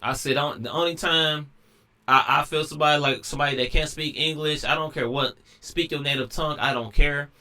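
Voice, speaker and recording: A man's voice: fairly high pitch, steady tone, fairly quick, pushed and bright. A man talking casually in a rambling monologue, full of slang and restarts. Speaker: commentator.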